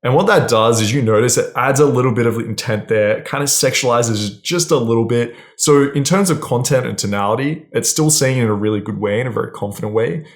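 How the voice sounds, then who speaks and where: This is a man coaching viewers on dating straight to the camera. His voice sits at a mid pitch, and his manner is casual and blunt. He swears without a second thought and keeps checking in with a quick "right?". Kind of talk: direct-to-camera advice.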